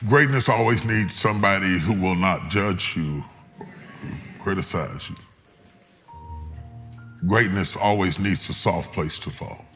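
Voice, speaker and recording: A middle-aged man preaching a sermon, moving between loud peaks and hushed lows. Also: unhurried, pauses often, faint music behind. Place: large church hall before a congregation. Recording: long hall reverb, loud crowd noise.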